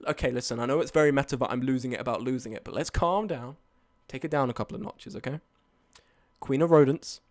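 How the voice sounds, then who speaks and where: A man's voice: mid-range voice, fast, a little mellow. Young man chatting on stream, rambling. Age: young adult. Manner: rambling, swearing, often laughing. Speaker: live streamer. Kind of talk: casual chat storytelling.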